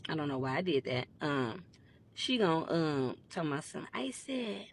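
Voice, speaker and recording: A woman working as a school behavior interventionist, ranting to camera in a blunt, profane, emphatic way and building up to near-shouting. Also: sits low, big pitch swings, measured pace, a little hiss or hum.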